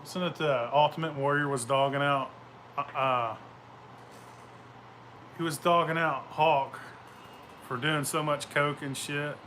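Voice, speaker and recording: Boisterous, profane man, bright voice. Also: a little high, steady tone, unhurried, pauses often, slight background noise. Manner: profane, boisterous, laughs often. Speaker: show host. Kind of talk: casual rambling storytelling.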